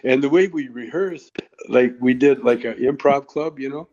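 A man's voice: mid-range voice, moderate pace, darkish tone. A man telling stories as a podcast guest at home, laughing often as he talks. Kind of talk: casual storytelling. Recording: slightly dull lo-fi recording.

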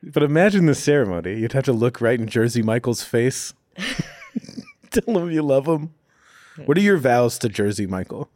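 Man, young adult, comedy podcast co-host, teasing banter, lively voice, dry close sound. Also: medium pitch, normal speed, no echo. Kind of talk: casual comedic chat.

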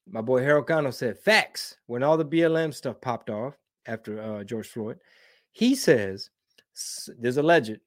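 A man's voice: mid-range voice, moderate pace. A man hosting a casual live stream, reading viewer comments in a rambling, slangy way and dropping Spanish words.

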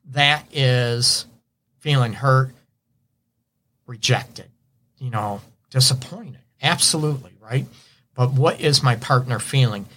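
A man's voice: medium pitch, slow, pauses often, pushed and bright. A man who counsels couples, hosting a relationship advice show and talking through the topic in a conversational way, often checking in with "right?" and "you know". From Detroit area. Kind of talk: radio advice monologue.

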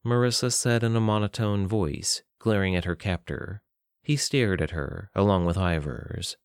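A man narrating a fantasy story in a steady, measured reading. His voice is fairly low, and the recording is dry and close. The sound has no room echo. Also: clean tone.

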